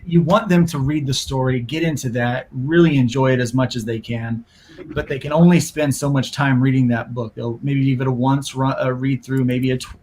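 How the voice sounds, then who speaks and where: A man's voice: a little high, slight background noise. A man who creates comics, chatting casually on a panel in an easygoing way. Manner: easygoing, chatty, shows items off.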